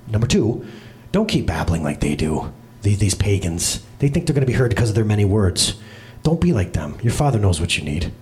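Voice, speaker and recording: In a loose, humorous sermon, this pastor talks with people in the pews by name and with those watching the church livestream. His voice is mid-range and a little mellow.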